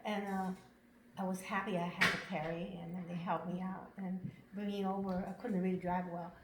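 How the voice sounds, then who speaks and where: A woman from Washington state giving a casual testimonial about her camp visit. She talks in broken English, laughs often and gets excited easily. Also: fairly low pitch, normal speed. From Washington state, USA. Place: upstairs room at a camp. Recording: roomy echo, faint noise.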